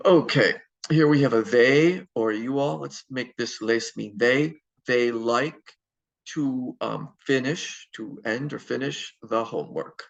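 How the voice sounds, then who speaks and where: A man's voice: mid-range voice, creaky, muffled recording. A man teaching a Spanish grammar lesson, explaining step by step with fillers and self-corrections. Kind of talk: recorded classroom lecture.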